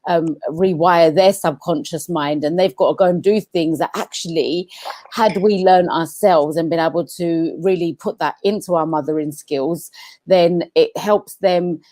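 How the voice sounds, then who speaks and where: A woman's voice: measured pace, no echo. A woman guest, a mindset coach, chatting casually on a podcast and telling stories animatedly, acting out what people said. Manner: animated storyteller who acts out quotes with big pitch jumps. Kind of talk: conversational podcast chat.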